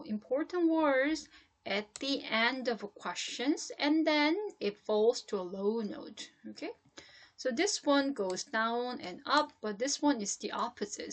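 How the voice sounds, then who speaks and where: A woman with a fairly high voice leads a classroom lesson on English intonation. She explains step by step, pausing often to check that listeners follow. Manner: explains slowly, with frequent "okay?" checks. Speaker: English teacher.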